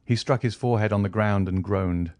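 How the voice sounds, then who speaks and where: A man narrating a classic novel as an audiobook in a steady storytelling manner. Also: fairly low pitch, fairly quick, dry recording, clean studio sound. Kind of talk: scripted narration.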